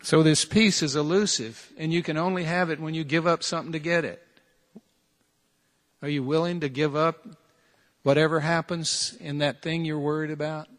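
Earnest preacher in a reverberant hall. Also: male voice, fairly high pitch, fairly even intonation, normal speed, a bit bright. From United States. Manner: earnest, direct preaching full of repeated challenges and rhetorical questions. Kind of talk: sermon.

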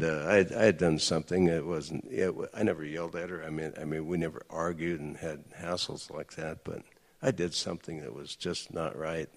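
A middle-aged man telling personal stories in an earnest, conversational sermon to a group of men, with lively outbursts. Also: sits low, vocal fry. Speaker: speaker addressing men. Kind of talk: sermon-style personal storytelling. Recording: echoey hall with long reverb.

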